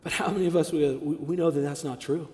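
A man's voice: on the high side, steady tone, fast talker, mellow. A man in his thirties preaching a sermon. He speaks emphatically, repeats key phrases and acts out the voices of the people he quotes. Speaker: pastor. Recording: reverberant hall.

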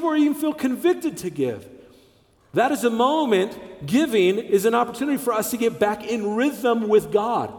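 A man's voice: high-pitched, a little mellow. A man in his thirties preaching a sermon. He speaks emphatically, repeats key phrases and acts out the voices of the people he quotes. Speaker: pastor. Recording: reverberant hall.

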